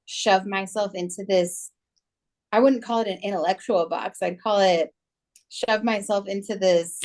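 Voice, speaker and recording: A woman's voice: medium pitch, steady tone, measured pace, darkish tone. Woman, podcast co-host, casual, filler-heavy chat. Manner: chatty, many "like" and "you know" fillers.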